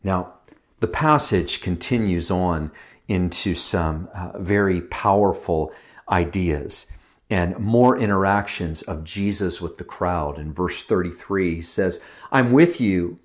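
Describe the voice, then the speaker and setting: A man's voice: low-pitched, slow. A man giving a sermon as a guest speaker, reflective and lingering on phrases with small asides.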